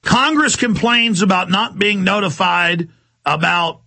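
A male talk radio host rants in an agitated, mocking way. His voice is high and bright, with a raspy, gravelly texture that stays through the whole monologue. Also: a little slow. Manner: agitated, ranting, mocking quotes.

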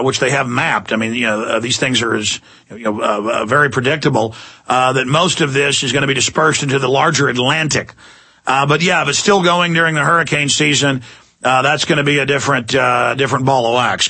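A man's voice: mid-range voice, pushed and bright, breathy edge, no echo. A man with a Texan accent, a talk-radio host ranting heatedly, with lots of fillers, on a studio microphone. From Texas.

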